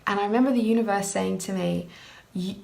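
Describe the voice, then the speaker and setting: A woman's voice: medium pitch, fast talker, creaky. A woman in her thirties telling a personal story in an earnest, emotional way, with many "you know" fillers. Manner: frequent "you know" fillers, lively retelling.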